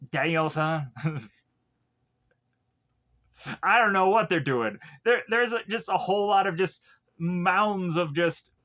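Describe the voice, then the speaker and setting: A man with a slightly high, bright and forceful voice walks through a movie's plot in a rambling, casual way. He keeps stopping to correct himself and paraphrases the characters in his own words. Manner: rambling, with many fillers and self-corrections; quotes characters in loose paraphrase. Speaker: film reviewer.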